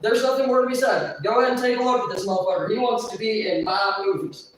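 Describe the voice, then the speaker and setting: A woman's voice: a little high, distant mic, slight background noise. Profane, ranting woman in an echoey room. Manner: profane, agitated, rapid venting. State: tipsy. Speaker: livestreamer. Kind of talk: ranting livestream storytelling.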